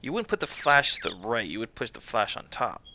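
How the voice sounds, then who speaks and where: A man's voice: mid-range voice, a little fast. A young man streaming a game, chatting casually and joking, putting on voices. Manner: joking, animated, puts on voices. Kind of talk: casual let's-play chat.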